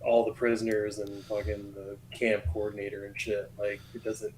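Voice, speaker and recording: A man with a somewhat low voice giving blunt opinions in casual podcast chat. He swears freely as he talks. A faint hiss of ambience runs under his voice. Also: completely flat delivery, moderate pace, darkish tone, poor audio.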